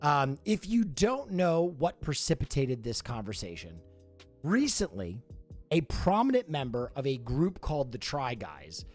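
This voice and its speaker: A man's voice: medium pitch, huge pitch swings, a little slow, soft background music. A man streamer giving a profane, emphatic commentary rant in a conversational way.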